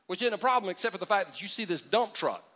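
High, bright-voiced male pastor preaching. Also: fast. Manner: conversational, humorous, animated preaching with crowd call-and-response. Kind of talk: sermon. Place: church auditorium.

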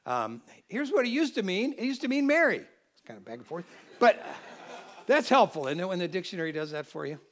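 A man from the United States preaching a Christmas sermon, animated, swinging between loud exclamations and quiet asides. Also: high voice, a little fast.

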